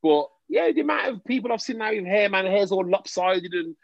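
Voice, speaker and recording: Animated chatty man, dull dry recording. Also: sits high, brisk, creaky, no echo. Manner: animated, restarts often, jokey. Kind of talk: casual chat.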